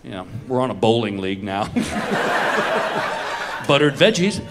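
A middle-aged man telling self-mocking stories in a live stand-up set, acting out his own reactions with animated delivery. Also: mid-range voice, normal speed. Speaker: stand-up comedian. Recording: noisy live comedy recording.

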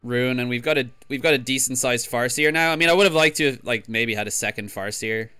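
A man's voice: medium pitch, a little fast, sharp tone, clear, resonant tone, dry recording. A man thinking aloud and talking himself down while he streams a card game. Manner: thinking aloud, self-deprecating. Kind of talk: casual gameplay commentary. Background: game music.

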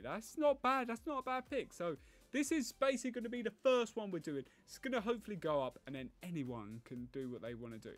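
A man giving live gameplay commentary as a gaming YouTuber. He thinks aloud, groans and pleads at the game. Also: medium pitch.

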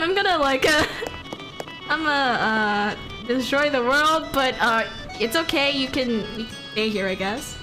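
A high-pitched woman chats her way through a live game stream, giggly and playful, often breaking into excited yelps. Upbeat game music plays clearly underneath her voice. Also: unhurried.

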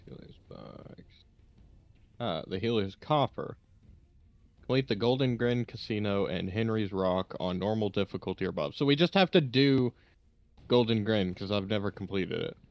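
A man's voice: on the low side, normal speed, no echo, muffled recording. A man playing a game with friends, chatting casually and teasing them. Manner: teasing, joking. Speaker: guest gamer. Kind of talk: casual gaming chat.

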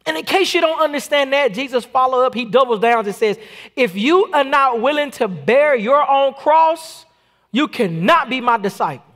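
A man preaching a sermon as a pastor, in an animated, conversational style with frequent repetitions, streamed online from his church. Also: very high-pitched, moderate pace.

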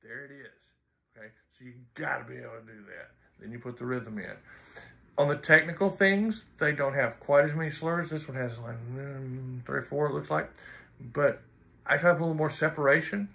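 Male trombone teacher, gravelly and bright-toned, blunt and teasing, counts rhythms aloud. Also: medium pitch, fairly quick. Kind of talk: instructional video.

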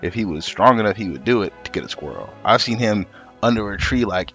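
A man streaming live as a comic artist, telling a rambling, profane, animated story while he paints. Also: on the low side, a little fast, lo-fi sound, faint music behind. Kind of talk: casual storytelling on a livestream.

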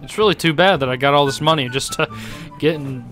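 A man's voice: on the high side, fairly quick, a bit bright, soft background music. A young man giving casual, sarcastic let's-play commentary, joking and swearing freely as he plays. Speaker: gaming YouTuber.

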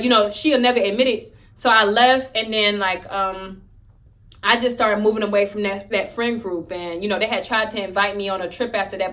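A young woman sharing a story-time vlog, talking candidly and with emphasis. Her tone is conversational and blunt, and her voice sits at an ordinary pitch. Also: fairly bright tone. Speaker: vlogger.

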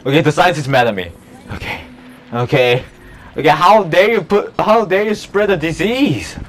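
A man giving casual let's play commentary on a park-building game, chatty and excitable, talking to the dinosaurs and laughing often. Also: on the high side, moderate pace, slight background noise. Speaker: gameplay YouTuber.

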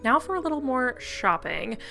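A woman's voice: sits high, big pitch swings, normal speed, creaky, pushed and bright, faint music behind. A woman of about thirty narrating a travel vlog in an upbeat, gushing voice-over. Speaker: travel vlogger.

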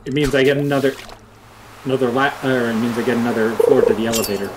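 A man chatting with friends while playing a co-op game, yelling playfully at the game over a voice chat mic. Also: medium pitch, level tone, fast talker. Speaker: co-op gaming friend. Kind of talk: casual co-op gaming chat. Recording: noisy background hiss.

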